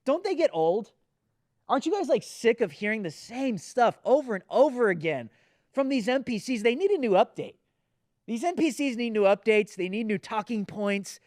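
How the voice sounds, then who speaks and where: A man's voice: very high-pitched, sing-song, moderate pace, a little mellow, no room sound, clean studio sound. A man hosting a political commentary show, talking in a sarcastic, mocking way. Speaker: host.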